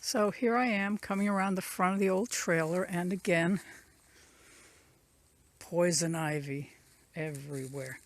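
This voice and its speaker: A woman's voice: lowish voice, measured pace, long pauses. A woman giving a casual, rambling walking tour of her rural land outdoors. She points things out as she goes, recorded on a phone she carries. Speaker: channel owner giving a property tour. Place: outdoors in rural woods and fields. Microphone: phone camera carried while walking.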